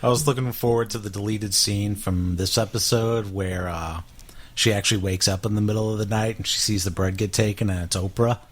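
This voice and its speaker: A man's voice: lowish voice, steady tone, fairly quick. A man hosting a podcast in a casual, jokey way, often laughing and poking fun at himself. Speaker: podcast host.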